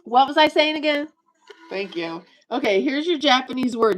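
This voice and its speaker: A woman's voice: high voice, expressive, normal speed, slight background noise, poor audio. A woman in her fifties chatting on a livestream, rambling and joking as she talks straight to her viewers. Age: 50s. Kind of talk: casual livestream chat.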